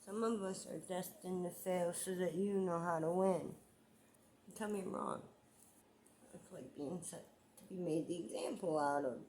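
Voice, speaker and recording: A woman's voice: fairly low pitch, measured pace, a little mellow, a little hiss or hum. A woman vlogging about her own life in a rambling, emotional monologue, repeating herself as she gets frustrated. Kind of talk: emotional personal vlog monologue.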